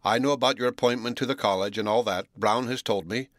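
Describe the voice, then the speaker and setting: A man reading the part of a proud, blunt Englishman who talks in a gruff, scolding way. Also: mid-range voice, fast, dry recording, clean studio sound, close to an everyday voice. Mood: scornful.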